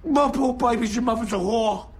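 A man's voice: extremely high pitch, moderate pace, breathy edge, pitched above the performer's own voice, low-quality recording. A man voicing a heartbroken middle-aged husband who rambles and swears in despair. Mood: anguished. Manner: swearing, rambling, self-pitying.

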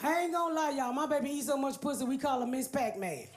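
On a comedy stage before an audience, a woman stand-up tells a story in a brash, profane style, addressing the crowd directly. Her voice is high and lively in intonation, she talks fast, and background noise can be heard.

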